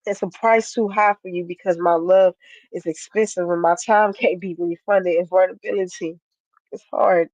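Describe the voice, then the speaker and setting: A guest poet from Ohio, answering interview questions plainly and then reciting spoken-word poetry with a steady rhythm. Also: medium pitch, normal speed, no echo. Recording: dull lo-fi dry stream audio.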